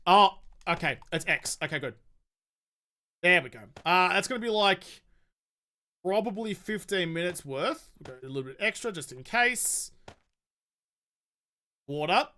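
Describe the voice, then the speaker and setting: A man's voice: sits high, expressive, unhurried, long pauses, pushed and bright. A young man chatting casually while streaming a game, swearing freely and answering viewer questions. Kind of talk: casual live-stream chat while gaming.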